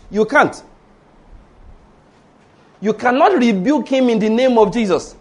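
A man's voice: very high-pitched, breathy edge. A man preaching a sermon, telling a story with emphasis and rhetorical questions.

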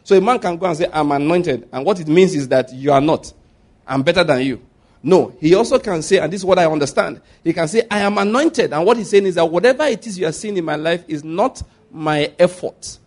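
A middle-aged man with a Nigerian accent preaching a sermon as a pastor, animated and laughing at his own stories. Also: a little high, fast talker, hardly any pauses.

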